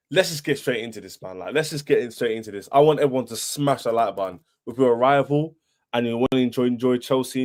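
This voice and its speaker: A young man hosting a football fan livestream, boastful and taunting, repeating himself as he rants. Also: medium pitch. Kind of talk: livestream rant.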